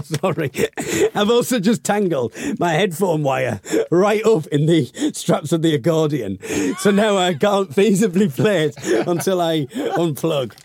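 A man's voice: high voice, a little mellow, slightly rough. A British man, a comedy musician, chatting between songs in a rambling, self-deprecating way and often laughing. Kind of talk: comedy song set with chat. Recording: accordion music behind the voice.

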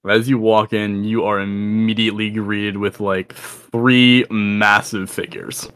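A man narrating as game master in a tabletop game, halting with many fillers. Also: lowish voice, flat delivery, a bit bright, clean tone, no echo.

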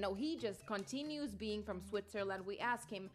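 A woman's voice: medium pitch, animated, moderate pace, few pauses, soft background music. A woman from Finland with a Finnish accent, co-hosting a podcast, telling a story animatedly with lots of "like" fillers. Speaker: podcast co-host. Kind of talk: casual chat.

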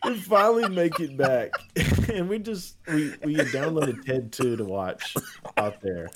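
Casual podcast co-host, man, swears a lot, laughs mid-story, lively up-and-down pitch, noisy background. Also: measured pace. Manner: profane, laughs through his story.

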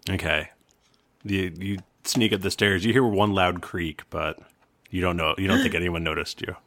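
A man's voice: sits low, steady tone, normal speed, fairly bright tone. A man running a tabletop game as game master, laid-back and amused, narrating and laughing often.

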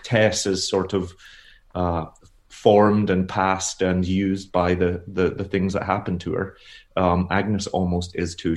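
A man's voice: low voice, a little mellow. A man, a novelist talking thoughtfully about his book in an interview, with frequent fillers and restarts. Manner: thoughtful, hesitant, with many fillers. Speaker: novelist guest. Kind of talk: literary interview.

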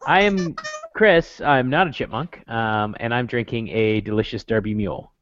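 A man's voice: mid-range voice, moderate pace, a bit bright, muffled recording, a little hiss or hum. A man co-hosting a casual podcast, teasing the others and laughing easily. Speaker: podcast co-host.

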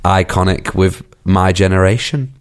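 Low-voiced man reviewing films. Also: a little slow. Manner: rambling, repeats words when excited. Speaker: podcast co-host. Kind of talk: casual film review chat.

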